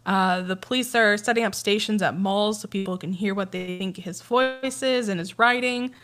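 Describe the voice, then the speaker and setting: A woman's voice: mid-range voice, normal speed, a bit bright. A woman co-hosting a casual true-crime podcast, chatty and giggly with lots of fillers. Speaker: podcast co-host.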